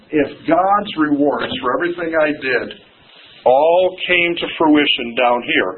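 A middle-aged male pastor preaching a sermon, swinging from loud, rising emphasis to quiet, emotional asides. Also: on the high side, a little hiss or hum. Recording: distant, echoey, phone-like church recording.

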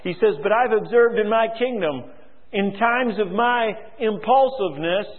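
A man's voice: sits high, normal speed. A male preacher giving a sermon in a large auditorium, talking conversationally and asking the congregation questions. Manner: conversational, asks the audience questions. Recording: tinny, echoing hall recording.

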